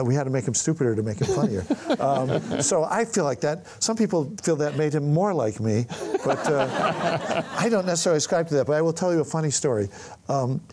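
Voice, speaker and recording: An older man telling anecdotes in an on-stage conversation, acting out the voices of the people in his stories. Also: medium pitch. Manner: animated storyteller, acts out quoted voices. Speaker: film writer-director, guest. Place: on stage before an audience.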